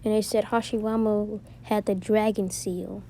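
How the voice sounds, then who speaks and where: Woman storyteller, improvised and rambling, mellow flat voice, faint noise under it. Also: mid-range voice, normal speed. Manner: rambling, with frequent restarts. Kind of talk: improvised fan-fiction storytelling.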